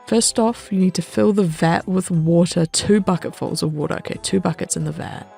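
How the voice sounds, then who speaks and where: A woman's voice: on the low side, moderate pace, gravelly, warm tone, slightly rough, faint music behind, heavily acted. A woman voicing a helpful male brewer in a game, explaining the steps in a matter-of-fact way. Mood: instructive.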